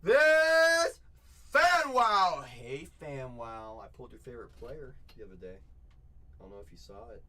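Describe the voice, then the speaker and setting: A man hosting a live card break from a shop, excitedly chatting with viewers, repeating catchphrases and calling out their names. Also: lowish voice, fast talker, slight background noise. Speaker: livestream card break host. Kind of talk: excited live sales chat.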